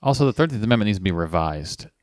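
A man co-hosting a podcast in casual chat, speaking in a dry, measured way. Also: fairly low pitch, animated, darkish tone, no room sound. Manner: dry, measured, reads posts aloud. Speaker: podcast co-host.

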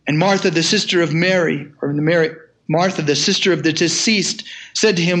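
An older man preaching a sermon, reading scripture aloud in measured tones and then retelling it casually with chuckles. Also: on the high side, fairly bright tone. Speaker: pastor.

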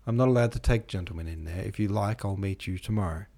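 A man's voice: low voice, fast, creaky, warm tone. A man voicing a poor, sickly young woman in an audiobook, her lines sullen and tearfully pleading. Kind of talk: audiobook character voice.

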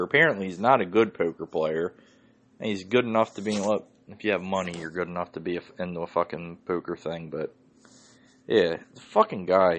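Swearing Philly man ranting on a podcast. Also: low voice. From Northeast Philadelphia. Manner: profane, ranting, heavy swearing. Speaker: podcast host. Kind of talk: solo podcast rant.

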